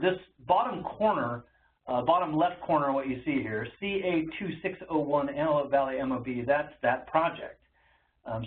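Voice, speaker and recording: A man giving an educational webinar presentation in a conversational way, with frequent ums and uhs. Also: mid-range voice. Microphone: webinar call audio. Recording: tinny phone-like webinar audio with faint noise.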